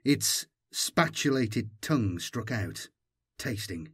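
A man reading an audiobook in measured, dramatic scripted narration. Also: mid-range voice.

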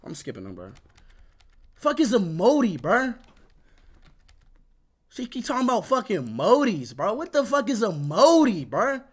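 A man streaming live on a random video chat, yelling and swearing, then dropping to a low flirty mumble. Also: huge pitch swings, unhurried, long pauses, husky. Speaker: livestream host. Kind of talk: loud profane video-chat banter.

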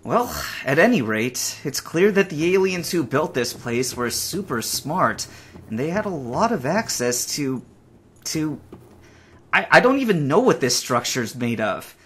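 Brief: a man as an anxious castaway survivor, husky voice, lively pitch, unhurried. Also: full character voice. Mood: uneasy. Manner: talks to himself, halting, rising to panicked shouts. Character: stranded male space survivor, anxious and curious. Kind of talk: acted game narration.

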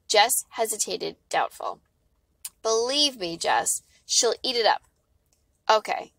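A woman reading a children's novel aloud, giving the characters lively voices. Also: mid-range voice, unhurried, gravelly, no echo. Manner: expressive, lively dialogue voices. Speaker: audiobook reader. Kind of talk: storybook read-aloud.

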